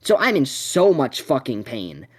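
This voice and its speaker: Foul-mouthed, animated young storyteller. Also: mid-range voice, measured pace. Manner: profane, rambling, with sudden excited bursts. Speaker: podcast co-host. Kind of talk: casual storytelling chat.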